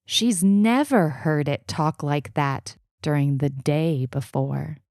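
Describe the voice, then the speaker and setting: A woman narrating a short story in an unhurried, even storytelling manner. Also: deep voice, no room sound, studio quality. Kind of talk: audiobook reading.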